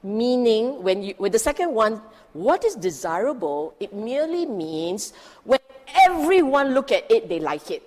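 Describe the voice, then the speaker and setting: A woman's voice: fairly high pitch, very animated, normal speed, few pauses, a little mellow. A woman teaching Buddhist scripture in a dharma talk, emphatic and asking her listeners rhetorical questions. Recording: long hall reverb.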